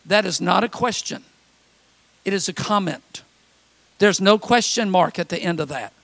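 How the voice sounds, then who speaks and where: A pastor delivering a lively sermon, acting out the whiny voices of complaining people. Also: male voice, high-pitched, normal speed, vocal fry, no room sound. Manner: preaching with mimicked complaining voices.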